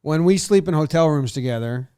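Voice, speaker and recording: A man co-hosting a casual baseball chat show, playful and animated as he runs through player stats. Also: a little high, a little fast, clear, resonant tone, no room sound, studio quality. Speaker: podcast co-host.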